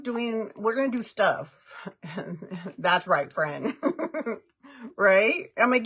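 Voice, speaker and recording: A middle-aged woman chats casually on a makeup livestream, giggling, greeting viewers by name and slipping Spanish phrases into her English. Her voice is medium-pitched, animated and slow, a bit bright with a breathy edge.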